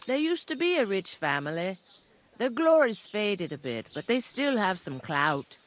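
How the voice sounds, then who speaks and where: A woman's voice: medium pitch, sing-song, measured pace. Game tavern keeper, woman, gossipy and blunt, shifting accent, light hiss behind. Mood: chatty. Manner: accent drifts between regions mid-sentence.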